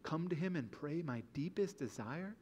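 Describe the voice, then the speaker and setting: A man's voice: a little high, animated, normal speed, a little mellow, slight background noise. A man preaching a sermon as pastor in a church, earnest and building to emphatic passages. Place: church sanctuary.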